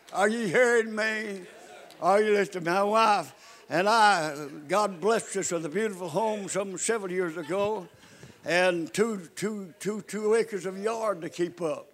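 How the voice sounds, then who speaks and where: An older man preaching a folksy sermon, dropping to hushed storytelling and rising to loud calls to his listeners. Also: high-pitched, measured pace. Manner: repeats calls to the congregation.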